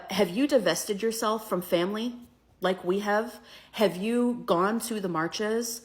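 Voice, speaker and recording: A woman giving a heated commentary rant, indignant and rhetorical, tagging her points with questions. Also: medium pitch. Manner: indignant, rhetorical, keeps asking "right?". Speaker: commentary creator.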